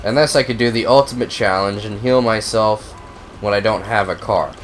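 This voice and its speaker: A young man with a cold who coughs now and then, giving profane, excitable, rambling commentary on a racing game. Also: lowish voice, moderate pace, faint music behind. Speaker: gaming video host. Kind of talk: casual gameplay commentary.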